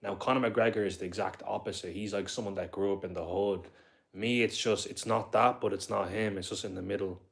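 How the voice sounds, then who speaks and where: A man's voice: lowish voice, fairly even intonation, fairly quick, creaky. A young man with a Dublin accent, rambling casually through a live stream and talking back to his viewers. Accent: Dublin Irish. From Ireland. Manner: rambling, talkative, reads viewer comments aloud.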